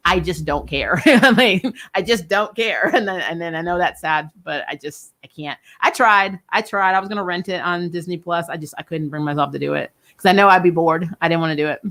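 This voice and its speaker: A woman's voice: fairly low pitch, brisk, few pauses, a bit bright. A young adult woman hosting a casual live-stream chat about TV shows, talking loosely, laughing often and trailing off mid-sentence. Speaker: host of a TV review channel.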